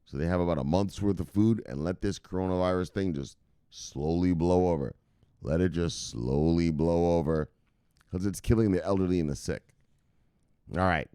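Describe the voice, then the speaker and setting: A man's voice: low voice, moderate pace, warm tone, clean tone, no echo, clean studio sound. A man hosting a crypto news livestream in a loose, rambling way, swearing freely and barking out catchphrase sign-offs. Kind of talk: casual livestream chat.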